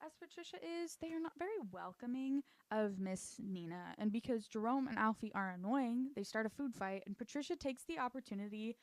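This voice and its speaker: A woman's voice: on the high side, expressive, fairly quick, few pauses, dry recording. A woman chatting casually and sarcastically as she recaps a TV show, full of "like" asides. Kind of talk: casual commentary.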